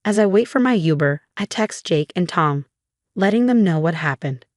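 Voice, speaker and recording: A woman narrating a first-person story in a steady, scripted reading. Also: on the low side, moderate pace, dry recording, clean studio sound.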